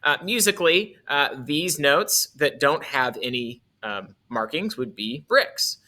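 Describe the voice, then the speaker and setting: Lively bright-voiced male music teacher. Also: on the high side, unhurried. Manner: casual, self-correcting, demonstrates on his instrument. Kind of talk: instrument lesson explaining articulation.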